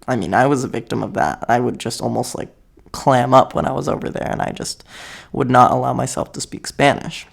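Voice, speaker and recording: Rambling young American man with a gravelly edge. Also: mid-range voice, brisk. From United States. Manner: rambling, self-correcting, laughs often. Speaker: vlogger. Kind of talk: casual rambling monologue to camera.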